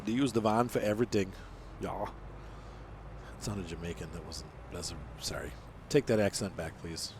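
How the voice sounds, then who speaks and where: A man's voice: sits low, normal speed, darkish tone, slight background noise. Chatty man narrating his gameplay. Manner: chatty, rambling, teasing banter. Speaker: gaming channel host. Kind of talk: casual let's-play commentary.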